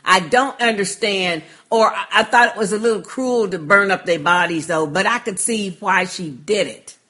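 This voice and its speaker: A woman co-hosting a podcast in casual chat, expressive and quick to exclaim. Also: mid-range voice. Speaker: podcast co-host.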